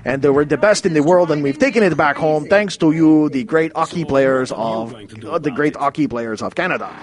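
A man's voice: on the high side, brisk, close to an everyday voice. Give me a man imitating a politician mumbling out of the side of his mouth, smug and stiff. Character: middle-aged male prime minister mumbling from the side of his mouth.

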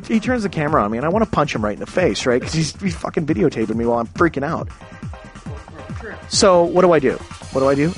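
A man hosting his own podcast, telling a story from a hostel room in a rambling, animated way and swearing freely. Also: fairly high pitch. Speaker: podcast host. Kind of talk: casual storytelling monologue.

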